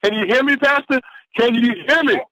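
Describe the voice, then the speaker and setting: A man's voice: extremely high pitch, fairly quick, bright, forceful tone, no echo, low-quality recording. A man on a conference call, exuberantly whooping and cheering as he reads motivational quotes in a preacher-like style. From Atlanta, Georgia. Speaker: caller giving motivational quotes. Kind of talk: excited conference-call pep talk. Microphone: phone line.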